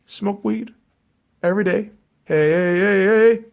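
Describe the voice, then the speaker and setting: A man's voice: slow pace, creaky. A man hosting a sports podcast, ranting about football and basketball with constant swearing, heated and emphatic. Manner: heated, swearing constantly, drops low and flat reading scores. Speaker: podcast host. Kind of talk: profane sports rant.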